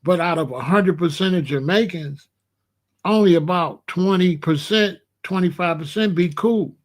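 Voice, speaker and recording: A man's voice: sits high, moderate pace. A man from Chicago hosting a blunt, profane commentary rant. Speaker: host.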